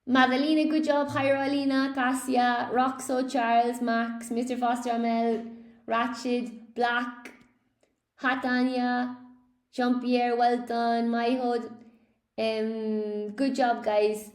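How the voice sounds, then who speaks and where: Bubbly woman english teacher cheering students on, bit high voice, echoey room. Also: little pitch movement, slow pace. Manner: upbeat, praises students by name. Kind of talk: live online class.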